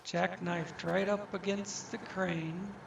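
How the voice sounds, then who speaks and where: A slow-talking man with a gravelly edge muses to himself over a truck-driving game. His voice sits a touch high and comes from a bit away from the mic in a roomy space. Faint game engine noise hums underneath. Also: steady tone, recorded from a distance. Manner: slow, musing, talks to himself. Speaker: gaming channel host. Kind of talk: casual gameplay commentary.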